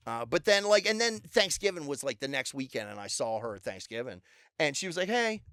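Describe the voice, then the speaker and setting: Dry-miked man telling lively stories. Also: mid-range voice, a little fast, no room sound. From Baltimore. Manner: animated storyteller acting out quotes. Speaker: podcast guest, comedian. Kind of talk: casual storytelling.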